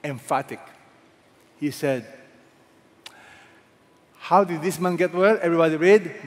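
Pastor guy preaching hard, kinda high voice, long echo in the hall. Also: a little slow, long pauses. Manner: emphatic preaching, questions to the congregation. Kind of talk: sermon. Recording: echoey hall with long reverb.

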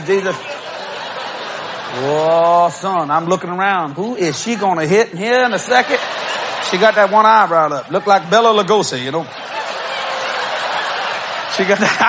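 A middle-aged man preaching a humorous storytelling sermon, acting out quotes and bursting into shouts and laughter. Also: high voice, background noise.

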